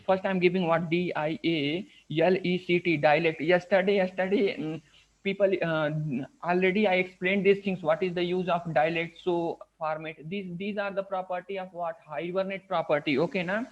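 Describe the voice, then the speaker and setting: Heard through a dull, lo-fi screen recording, this Indian English-accented programming instructor teaches a live coding session at a moderate pace. His voice sits high with fairly even intonation, and he repeatedly asks "what is that?" and "right?" as he explains each step.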